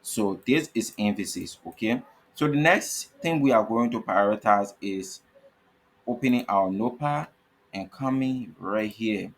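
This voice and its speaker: A low, husky-voiced man walks through a coding tutorial step by step. He spells tag names out letter by letter and keeps checking in with "okay?" as he repeats each point. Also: measured pace. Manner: repetitive, checks in with frequent "okay?". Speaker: coding teacher. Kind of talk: screen-recorded coding tutorial.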